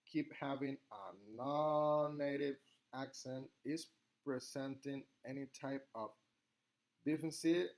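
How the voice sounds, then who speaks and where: A man speaks English, presenting a class assignment at a slow, unhurried pace. His delivery halts often, with pauses and ums between phrases, and his voice has a gravelly fry. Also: medium pitch. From Latin America. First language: Spanish. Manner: halting, with many pauses and ums. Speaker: student giving a class presentation. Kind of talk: recorded class assignment monologue.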